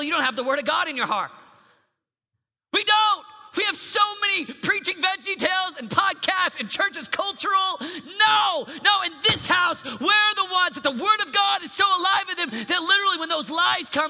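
A man preaches with a high, piercing, brilliant voice, shouting one moment and dropping to a hush the next. His words ring out with a long reverb from a large hall. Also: expressive, brisk, faint music behind. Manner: swings from loud shouting to hushed whispers. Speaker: youth preacher. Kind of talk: sermon.

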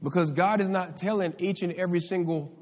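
In a church sanctuary, a male pastor preaches a sermon, his high-pitched voice moving fairly quickly. He calls out for responses from the congregation, and the recording carries live hall reverb.

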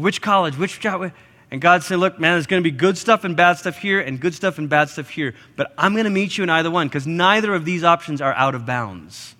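A man delivers a sermon in a high, bright voice. He is animated and acts out quoted voices with sudden leaps in pitch, and the sound carries a long echo from a large hall. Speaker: pastor. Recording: live church hall reverb.

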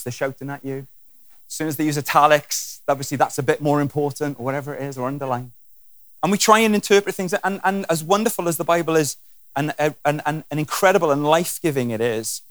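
A man's voice: fairly high pitch, no echo. A man preaching a sermon with humour, acting out scenes and voices as he goes. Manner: animated and humorous, acting out scenes.

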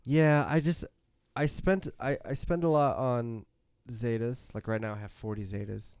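A man hosting a casual chat while playing a mobile game, rambling, swearing casually and quick to laugh. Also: medium pitch, fairly even intonation, a little mellow, clear, resonant tone, no room sound, studio quality. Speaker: host.

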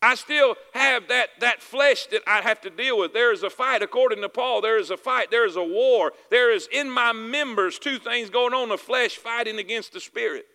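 High, bright Southern preacher in a hall. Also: male voice, moderate pace, hardly any pauses. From Southern United States. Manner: calls for "amen" and "y'all with me", repeats phrases for emphasis. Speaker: pastor. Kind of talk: sermon.

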